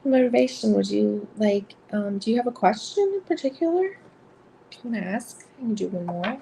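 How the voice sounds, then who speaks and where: A woman with a husky voice reading cards on a live stream, chatting casually with viewers and giggling often between rambling sentences. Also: fairly high pitch, expressive, fairly quick, mellow, slight background noise. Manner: chatty and rambling, full of filler words. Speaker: live-stream card reader.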